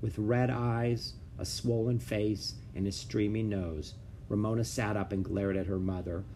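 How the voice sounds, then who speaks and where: A man reading a children's book aloud with expressive storytelling. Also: on the low side, a little slow, a little hiss or hum. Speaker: narrator.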